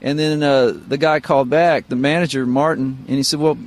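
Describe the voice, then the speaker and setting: A middle-aged man from Missouri, a guitarist guest, telling relaxed, rambling stories full of fillers in an interview. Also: mid-range voice, a little fast. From Missouri, United States. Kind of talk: casual interview storytelling. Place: radio studio.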